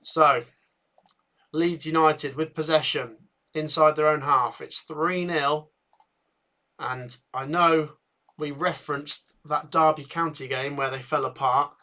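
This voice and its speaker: A man hosting a live football watchalong, chatting with viewers and getting excited at chances, a bit tired. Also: on the high side, slow. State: tired, yawning. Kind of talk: live match commentary and chat.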